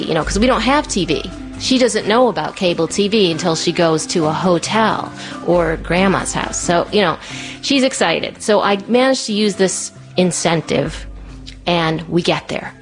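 A woman telling a personal story with animated, breathless, self-deprecating energy. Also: mid-range voice, moderate pace, soft background music. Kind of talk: personal story told to an audience.

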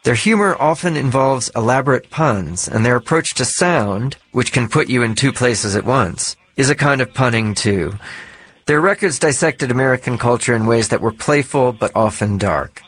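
Measured male documentary narrator. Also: mid-range voice. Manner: measured, even delivery. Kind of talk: scripted narration.

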